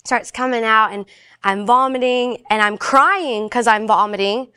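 A woman telling a personal faith story in a casual, animated way, briefly acting out the voices of the people in it. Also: on the high side, unhurried, clear, resonant tone, no echo, studio quality. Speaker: guest sharing her faith testimony.

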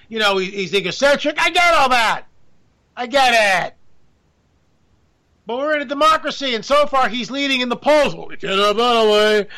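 A man giving a casual political monologue, animated and sarcastic, with joking asides. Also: very high-pitched. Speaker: political commentator.

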